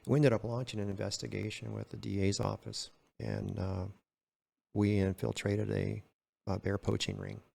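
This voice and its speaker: A man's voice: lowish voice, little pitch movement, moderate pace, vocal fry, darkish tone, husky. An older retired man telling stories in a casual way and acting out both sides of the dialogue. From California. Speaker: retired game warden, podcast guest. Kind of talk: casual storytelling.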